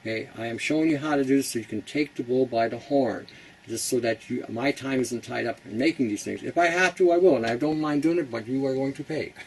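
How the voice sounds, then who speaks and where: A man's voice: medium pitch, a little fast, slight background noise, low-quality recording. A man hosting a casual how-to talk, chatty and blunt, laughing at his own jokes. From Canada. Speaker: host.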